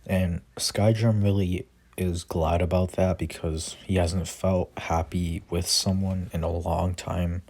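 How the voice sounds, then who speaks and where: Husky, low young male storyteller; slow, rambling, filler-heavy casual delivery. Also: level tone. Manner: rambling, many fillers and restarts; reads character lines quietly without voices. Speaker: fan storyteller. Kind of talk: casual fan-fiction retelling.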